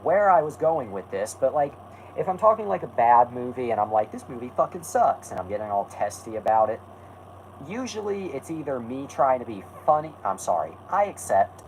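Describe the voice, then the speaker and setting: A man's voice: mid-range voice, big pitch swings, fairly quick, a little hiss or hum, poor audio. A man hosting a live stream, talking casually and rambling, correcting himself and snapping back at his chat.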